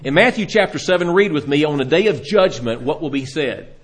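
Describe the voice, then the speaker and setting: A man's voice: fairly high pitch, expressive, brisk. A man preaching a sermon, retelling Bible stories and briefly voicing the people in them. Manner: dramatic retelling of scripture, acting out voices.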